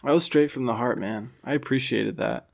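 Guy with a gravelly voice teasing his buddy on a podcast. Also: mid-range voice, normal speed. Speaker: podcast co-host. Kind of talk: casual chat.

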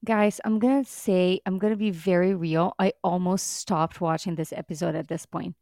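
Animated woman co-hosting a podcast. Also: lowish voice, normal speed, no room sound, clean studio sound. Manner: animated, exasperated, swears and laughs. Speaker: podcast co-host. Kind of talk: casual podcast chat.

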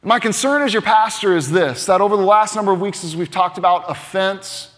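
Male pastor, earnest and emphatic, high-pitched, preaching in a reverberant sanctuary. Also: fairly quick. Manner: earnest, emphatic, swings between loud and hushed. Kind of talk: sermon.

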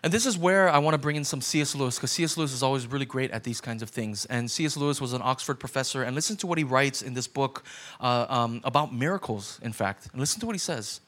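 A man's voice: mid-range voice, fast talker, a bit bright. A male pastor giving a conversational sermon, now and then acting out the doubting voices of his listeners.

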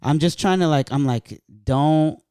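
A man telling a story in a casual podcast chat, animated and profane, acting out what people said. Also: a little high, normal speed, clean tone, dry recording, studio quality. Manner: profane, animated, acts out quotes.

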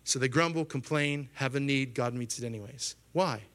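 A man in his thirties preaches a sermon with an animated delivery. He steps into quoted voices in a raised pitch, then drops back to his own mid-range voice. He keeps checking in with his listeners through quick questions. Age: 30s. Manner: asks the congregation questions. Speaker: pastor.

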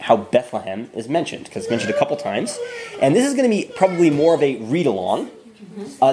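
A man's voice: mid-range voice, a little hiss or hum. Easygoing man leading a Bible study. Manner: relaxed, conversational, often restarts phrases. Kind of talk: informal Bible study talk. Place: room with a small group.

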